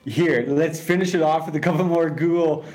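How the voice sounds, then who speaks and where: A man's voice: on the high side, moderate pace, faint music behind. A man, a regular radio guest, chatting casually and laughing often as he tells stories. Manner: laughs often, animated storytelling.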